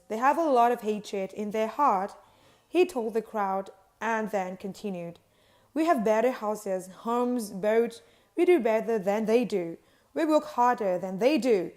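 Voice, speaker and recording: Woman reading a news article aloud, slightly high. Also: a little mellow. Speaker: news reader.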